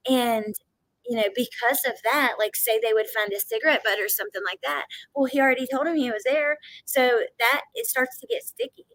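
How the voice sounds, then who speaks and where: A woman's voice: on the high side, fairly quick, rough recording. Chatty Southern woman streaming with a runny nose. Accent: Southern American. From Georgia, United States. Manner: chatty, animated, laughs often. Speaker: livestream host reading chat. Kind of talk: casual livestream chat.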